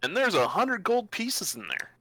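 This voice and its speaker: A man running a tabletop game as dungeon master, narrating scenes with a laugh and quick voices for the characters. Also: high-pitched, very animated, bright, forceful tone, no room sound, poor audio.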